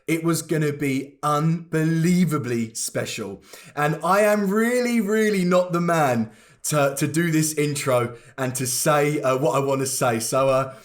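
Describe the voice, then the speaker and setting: British male co-host, joking, laughs a lot, fairly high voice, call-in mic. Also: a little slow. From Britain. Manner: joking, laughs often, repeats words. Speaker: podcast co-host. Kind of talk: casual banter on a call.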